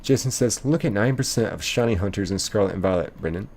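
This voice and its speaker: Young guy streamer reading out chat, low mellow voice, rambly with lots of ums. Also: fast, a little hiss or hum. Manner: rambling, reads chat messages aloud, many ums and likes.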